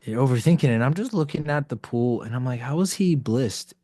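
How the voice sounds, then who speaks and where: A man talking as a podcast guest in a casual storytelling style, animated, acting out the dialogue he quotes and often saying "like". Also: mid-range voice, normal speed, no room sound, studio quality. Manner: animated storyteller who acts out quoted dialogue, frequent "like" fillers.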